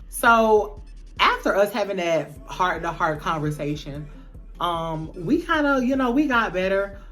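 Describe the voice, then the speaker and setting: A woman's voice: medium pitch, lively intonation, measured pace, fairly bright tone, soft background music. A young woman telling a personal story in a casual, candid vlog, blunt and profane with frequent "um"s. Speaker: vlogger.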